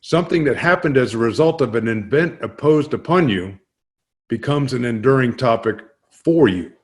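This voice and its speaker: Man explaining in a steady, measured way. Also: mid-range voice. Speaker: co-host. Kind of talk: scripted explanation.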